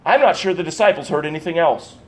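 Emphatic high-voiced male pastor. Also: quick pace. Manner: emphatic, repeats key words, swings between loud and soft. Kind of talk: sermon.

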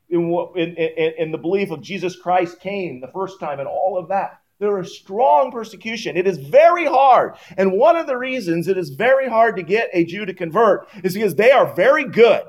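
A man preaching a sermon to his congregation, emphatic and rising in pitch when he quotes scripture and blessings. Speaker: pastor. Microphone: PowerPoint on screen, speaking at a church lectern.

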